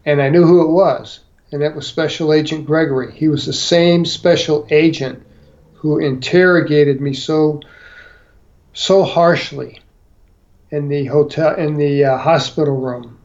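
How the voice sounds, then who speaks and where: A man's voice: on the high side, fairly even intonation, unhurried, darkish tone. A man telling a personal story as a guest, hesitant, with many fillers and restarts. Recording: dull lo-fi audio.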